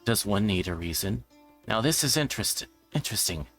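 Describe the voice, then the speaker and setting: A man reading a visual novel aloud, voicing a cold, politely menacing middle-aged male killer with a measured, taunting manner. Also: on the low side, expressive, fairly bright tone, faint music behind. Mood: calm menace.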